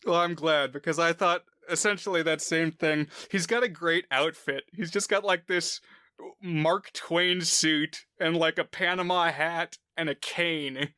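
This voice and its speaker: A man's voice: fairly high pitch, fairly even intonation, measured pace, pushed and bright, clean tone, no room sound, studio quality. A man chatting casually on a film podcast, explaining plot points in a rambling way with lots of fillers. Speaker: podcast co-host.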